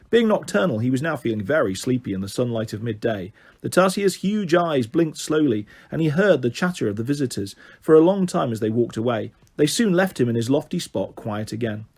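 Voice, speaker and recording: A man reading a children's story aloud, expressive and animated as the storyteller. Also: medium pitch, breathy edge.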